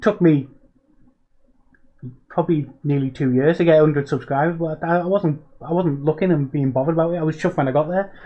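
A man talks as a podcast guest, his voice sitting a little high. He strings anecdotes together with plenty of "like"s, and the sound comes through dull and lo-fi. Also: brisk, dark tone. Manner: chatty anecdotes, many fillers. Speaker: guest, content creator. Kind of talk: casual chat.

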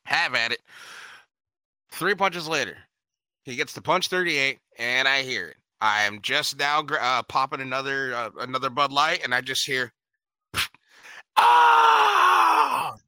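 A man's voice: medium pitch, moderate pace, clear, resonant tone, no echo. A man co-hosting a casual chat, telling profane stories and acting out the people in them. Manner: profane, animated storyteller doing voices. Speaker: podcast co-host.

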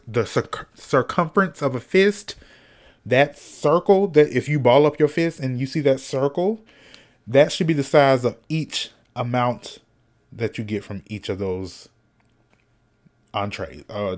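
A man's voice: medium pitch, measured pace. Solo podcast host, male, sassy and loose, cusses freely, snacks on mic, mid-range voice. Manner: sassy, animated, cussing, talks to himself; snacking while talking. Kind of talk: casual solo podcast chat.

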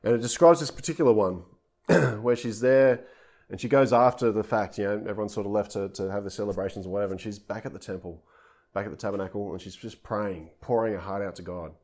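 A man's voice: lowish voice, fast, darkish tone. A man preaching a conversational sermon, retelling scripture informally in everyday speech.

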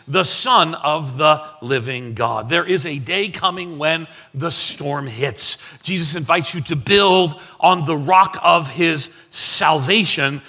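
Middle-aged guy preaching, keeps saying right?, bit high voice, emphatic. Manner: emphatic, rising to loud peaks, frequent "right?". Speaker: pastor. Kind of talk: sermon.

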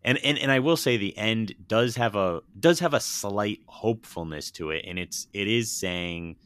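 A man's voice: fairly low pitch, moderate pace, a bit bright, clean tone, no room sound, clean studio sound. A young man chatting casually about films on a podcast, rambling and emotional, cursing freely. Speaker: podcast co-host.

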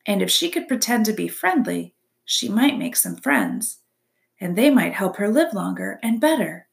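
A woman narrating a children's novel aloud in an expressive storybook reading. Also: mid-range voice, moderate pace, vocal fry.

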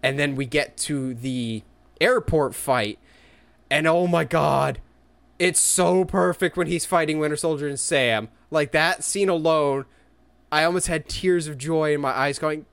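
A man in casual chat as a podcast co-host, enthusiastic and quick to act out excited quotes. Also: a little high, gravelly, smooth, no echo.

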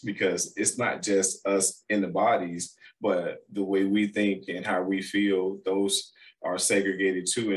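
A man's voice: low voice, rough recording. A middle-aged man hosting a casual conversation, laughing often and telling playful stories. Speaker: podcast host.

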